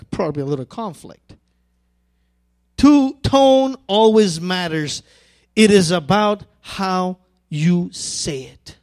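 A male pastor preaches a sermon in a high, expressive, slightly mellow voice. He is earnest and emphatic, drawing out key phrases as he builds toward fervent pleading.

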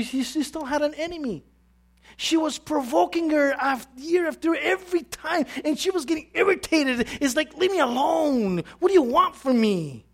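A woman preaching a sermon in an animated, conversational way, asking her listeners questions. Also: high-pitched.

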